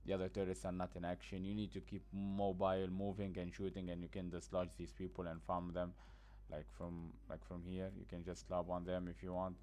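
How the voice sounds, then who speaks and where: A man's voice: low voice, monotone, fairly quick, hardly any pauses, warm tone. A man giving a casual, blunt gameplay tutorial, sleepy after just waking up, rambling with plenty of fillers. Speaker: gaming guide creator.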